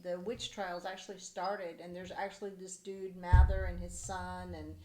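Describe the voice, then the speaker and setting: A woman's voice: fairly low pitch, level tone, moderate pace, dark tone. Blunt, swearing woman in an echoey room. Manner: blunt, swears freely, many fillers and restarts. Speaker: podcast co-host. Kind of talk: casual chat.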